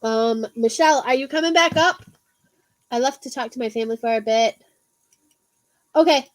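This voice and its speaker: A woman's voice: a little high, moderate pace, dry recording. A woman hosting a casual livestream, rambling with lots of ums and the odd swear word. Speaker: livestream host. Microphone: phone.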